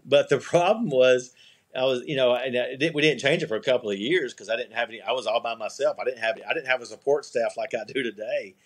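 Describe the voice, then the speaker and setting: Guest spot: man, slightly husky voice, casual rambling storyteller, restarts and chuckles. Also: mid-range voice, fast. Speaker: podcast guest, eyewear company CEO.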